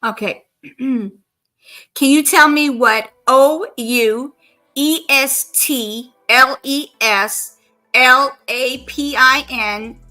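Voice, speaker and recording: A woman streamer chats casually with an AI assistant, her voice pitched fairly high and bright. She talks at an unhurried pace and slowly spells out words one letter at a time. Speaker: live streamer.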